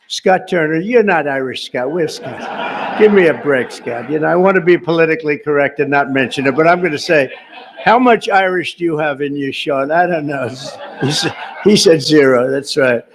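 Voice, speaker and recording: Male speaker, gravelly, slightly high; off-the-cuff reception speech, rambling with teasing asides to the room. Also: slight background noise. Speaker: host of a reception, giving a speech. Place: large reception room, indoors.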